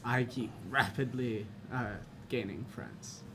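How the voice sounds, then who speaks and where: A woman's voice: a bass voice, takes it slowly, noisy background. A woman player at a tabletop game, talking eagerly and candidly in casual chat.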